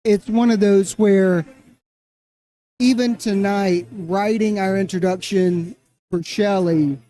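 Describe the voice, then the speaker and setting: A middle-aged man speaking as a guest in an interview, earnest and halting, often repeating phrases. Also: sits high, fairly even intonation, dark tone. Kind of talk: casual interview.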